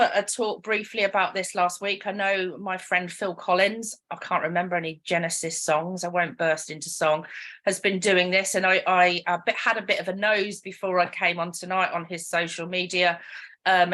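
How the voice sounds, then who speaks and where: Bright-voiced British woman giving an online training talk. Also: fairly low pitch. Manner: chatty, upbeat and jokey. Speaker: social media trainer.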